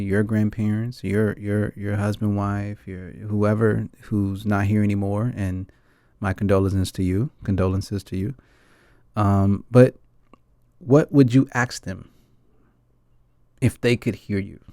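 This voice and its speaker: An American man with a lowish, slightly mellow voice hosts a casual, reflective film chat, recorded dry and at studio quality. He talks earnestly and rambles, constantly checking in with listeners by asking "right?" and calling them "guys."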